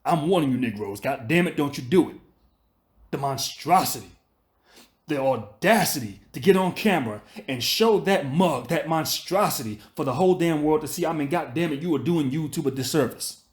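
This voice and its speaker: A man's voice: fairly high pitch, expressive, normal speed. A man hosting a commentary channel, delivering a profane, scolding rant that circles back on itself and repeats his points. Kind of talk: ranting commentary monologue.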